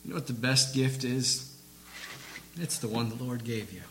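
A man preaching a sermon as a visiting missionary, impassioned and swinging from soft to loud emphasis, chuckling between points. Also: mid-range voice, steady tone, normal speed, over music. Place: church sanctuary. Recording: echoey church room.

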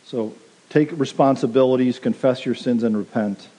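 A man's voice: medium pitch, moderate pace, warm tone. A pastor preaching a sermon, earnest and direct, urging his listeners plainly. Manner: earnest, direct exhortation with quoted asides. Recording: long reverb of a large hall.

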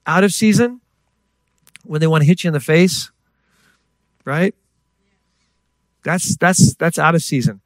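A man's voice: a little high, measured pace, pauses often, no echo. Man, middle-aged, pastor, sermon, chatty rhetorical questions, dry recording. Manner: conversational preaching with asides and rhetorical questions.

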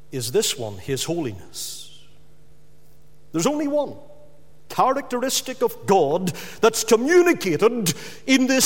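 A man delivers a sermon in a high, ringing voice, pressing hard on repeated words. His voice carries a long reverberation, as in a church or hall. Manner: emphatic, rising to loud repeated stresses. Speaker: preacher.

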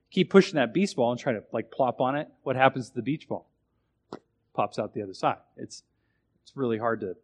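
A man delivers a sermon in a mid-range voice, chatty rather than formal. He keeps turning questions on his listeners and swings from forceful emphasis to quiet asides. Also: mid-range voice. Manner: conversational, asks the audience questions; animated, swings from loud to quiet. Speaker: preacher.

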